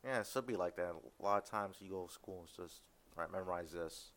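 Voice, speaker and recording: A man's voice: sits low, fast talker, crowd noise. A man who is a former police officer, hosting a casual podcast interview in an easygoing conversational way.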